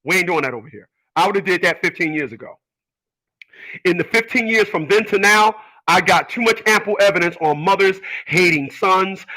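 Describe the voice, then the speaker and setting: Over a rough recording, a high-pitched, sharp-toned man hosts his own radio show with a casual monologue. He rambles emphatically, repeating phrases and stammering through restarts.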